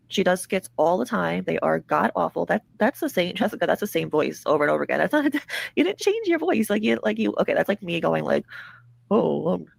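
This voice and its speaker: A woman's voice: fairly low pitch, creaky, no echo. A woman hosting a drama commentary show, ranting in a sarcastic, mocking and profane way. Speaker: commentary channel host.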